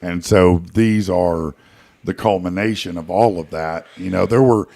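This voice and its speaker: Male guest, deep and raspy, loose and rambling. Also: unhurried, dark tone, no room sound. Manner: rambling, many fillers and restarts. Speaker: guest musician. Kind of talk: casual interview chat.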